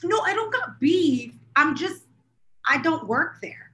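Bright, high-voiced woman co-host rambling. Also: expressive, takes it slowly, a little hiss or hum. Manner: rambling, self-deprecating, exasperated storyteller. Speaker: podcast co-host. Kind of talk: casual podcast chat.

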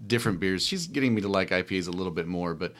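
A man chatting casually as a talk show host and telling quick personal anecdotes. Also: sits low, animated, a bit bright, slight background noise. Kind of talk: casual chat.

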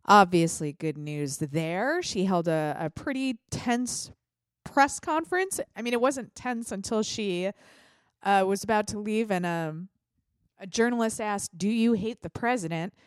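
A woman's voice: mid-range voice, a little slow, smooth, no room sound, clean studio sound. A woman hosting a solo podcast, chatty and blunt, with a voice congested from a sinus infection. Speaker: podcast host. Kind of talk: solo political podcast commentary.

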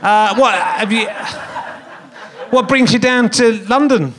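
A man's voice: very high voice, takes it slowly, noisy background. A man in his fifties hosting a live comedy podcast on a theatre stage, rambling and jokey as he teases the audience. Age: 50s.

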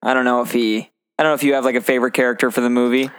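Casting: male podcast co-host with a smooth, clear voice, eager and chatty. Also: medium pitch, fairly even intonation. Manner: enthusiastic, quick to agree and laugh. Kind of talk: casual movie review chat.

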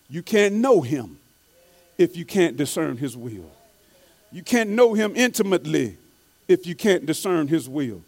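A man preaching a sermon, reading quotes slowly and repeating key phrases for emphasis, with frequent restarts. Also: on the high side, animated, a little mellow. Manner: stumbles and restarts often.

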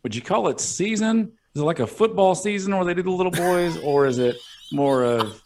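A man's voice: on the high side, expressive, moderate pace, a little hiss or hum. A young man co-hosting a podcast, rambling and swearing through crude banter, laughing often. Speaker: podcast co-host.

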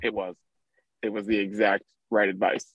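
A man co-hosting a podcast over a video call, chatting casually and animated, joking and acting out what others might say. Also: on the low side, breathy edge, no echo, dull audio. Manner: animated, joking, playacts others in quick asides. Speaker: podcast co-host. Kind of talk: casual chat.

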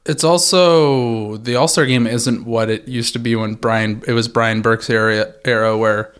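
A man's voice: mid-range voice, steady tone, measured pace, a bit bright, clean tone. A man co-hosting a podcast, chatting casually about hockey with wry, joking asides. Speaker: podcast co-host. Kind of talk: casual sports chat.

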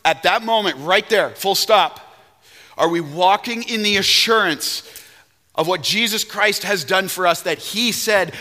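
A man preaching a sermon as pastor, emphatic and animated, now and then breaking into song. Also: sits high, measured pace, long reverb tail.

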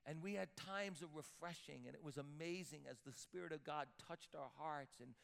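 A man's voice: fairly high pitch, normal speed, vocal fry, a bit bright, smooth. A man preaching a sermon as pastor, emphatic, repeating words as he builds up. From Sicilian-Italian heritage. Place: church sanctuary with long reverb. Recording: reverberant church hall.

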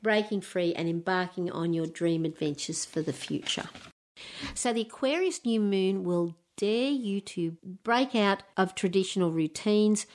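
A woman's voice: medium pitch, unhurried, a little mellow. Upbeat, encouraging woman podcaster. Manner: upbeat and encouraging, half reading, half chatting. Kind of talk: podcast segment on astrology.

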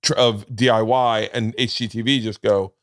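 In a dry, clean studio recording, a man hosting a podcast chats casually and narrates stories at normal speed. He's animated, performing quotes with large swings in his voice.

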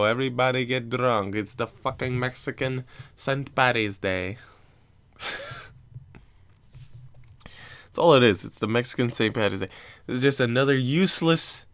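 A man's voice: medium pitch, fairly bright tone, smooth. A young adult man telling stories in a casual, comic way, rambling and swearing and laughing at his own jokes.

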